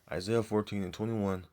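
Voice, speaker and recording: A man teaching from the Bible in a casual, halting way, full of fillers, reading verses aloud more loudly and muttering to himself while he searches. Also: fairly low pitch, gravelly. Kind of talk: informal scripture teaching.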